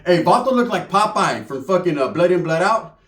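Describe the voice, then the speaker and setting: Young norcal guy telling a crude funny story, lots of slang and cussing, kinda high voice, echoey room. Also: very animated, a little fast, crowd noise. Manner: profane, slangy, street-talk storytelling. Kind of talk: comedic storytelling. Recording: roomy echo.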